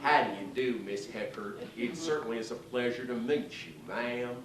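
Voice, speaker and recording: A man plays a deferential older president who drawls out polite apologies, low and soft-spoken. He sounds roomy and distant, like a voice from the back of an echoey theater. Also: moderate pace, heavy background noise, natural voice. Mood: apologetic.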